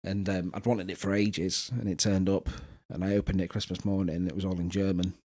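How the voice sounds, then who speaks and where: A man's voice: deep voice, fairly quick. A man, co-hosting a podcast in casual chat, telling stories animatedly. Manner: animated storytelling, puts on quoted voices. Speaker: podcast co-host.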